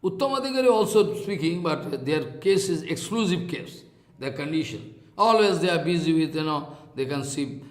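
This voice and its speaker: A man with an Indian accent giving a spiritual discourse, halting and repeating his phrases, now and then chanting verses. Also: a little high, animated, reverberant. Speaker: scripture teacher. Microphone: online talk.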